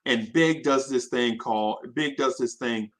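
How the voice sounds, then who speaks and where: Telling a story with plenty of energy, this live-show host keeps restarting his sentences and checks in with the crowd with "right?" His voice is medium in pitch and a little slow.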